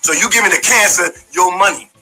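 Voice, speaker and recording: A man with a high, bright, husky voice, talking bluntly and profanely in a heated monologue. He addresses someone directly, in a confrontational way. Faint music plays underneath. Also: brisk, poor audio. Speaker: former community member giving his side.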